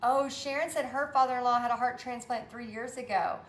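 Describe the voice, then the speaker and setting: This paint party instructor, a Texan woman, talks her way through a live-streamed painting class and reads viewer comments aloud. She speaks a little fast in a slightly high, steady voice, and the room is reverberant.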